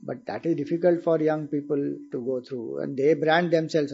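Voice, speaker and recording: A man's voice: fairly high pitch, brisk, gravelly, few pauses, warm tone, breathy edge, muffled recording. A man with an Indian accent giving a spiritual discourse, explaining patiently and asking his listeners questions. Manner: explanatory, asks rhetorical questions. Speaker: spiritual teacher.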